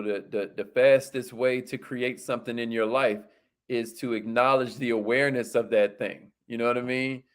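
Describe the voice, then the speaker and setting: A man's voice: a little high, fairly bright tone. A man hosting a casual motivational live stream, hyped and slangy, repeating his phrases and laughing often.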